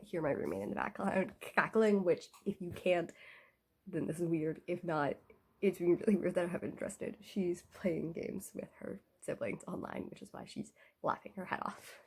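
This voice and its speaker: Sick girl w a husky gravelly voice rambling about books, lots of "like"s. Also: lowish voice, normal speed. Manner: rambling, full of "like" fillers, animated rants. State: sick, coughing. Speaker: book vlogger. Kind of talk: casual chat. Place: indoors at home.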